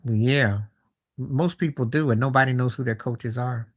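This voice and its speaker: Here a man speaks at normal speed in a mid-range voice while hosting a live stream about basketball. The conversation is relaxed and meandering, with trailing sentences, fresh starts, and incredulous asides.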